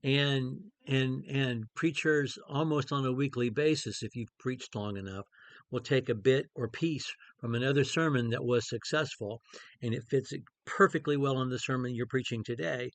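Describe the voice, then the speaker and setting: A man's voice: mid-range voice, normal speed, no echo. Middle-aged guy preaching casually, lots of ums and restarts, dry close mic. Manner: conversational, many fillers and restarts. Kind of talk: informal Bible study talk.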